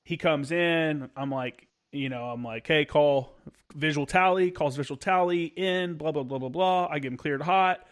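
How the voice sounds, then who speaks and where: A man, a former Marine, telling candid war stories as a podcast guest, swearing freely and acting out old radio calls. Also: a little high. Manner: halting with many fillers. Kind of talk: casual war story telling.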